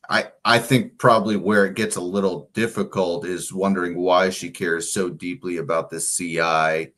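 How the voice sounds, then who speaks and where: A very low-pitched man talking through a TV episode in a relaxed podcast chat. He wanders through his points, circling back with plenty of ums and restarts. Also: moderate pace. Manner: rambling, with frequent fillers and restarts. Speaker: podcast co-host. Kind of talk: casual chat about a TV show.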